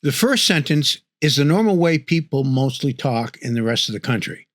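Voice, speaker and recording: A man from northern New England narrating an audiobook in a measured, clear reading. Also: mid-range voice, expressive, a bit bright, no room sound, clean studio sound.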